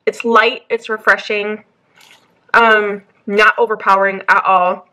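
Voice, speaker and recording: A woman's voice: mid-range voice, level tone, measured pace, pushed and bright. A woman in her thirties chatting casually to the camera about her meals and errands, upbeat and full of fillers. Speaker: lifestyle vlogger. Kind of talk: casual what-I-eat chat to camera. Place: in a parked car.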